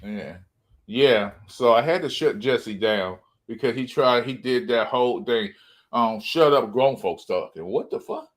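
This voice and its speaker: A man hosting a casual livestream rant, rambling and stumbling over words as he reads comments aloud, laughing often and swinging between loud remarks and mumbles. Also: mid-range voice, measured pace. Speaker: livestream host.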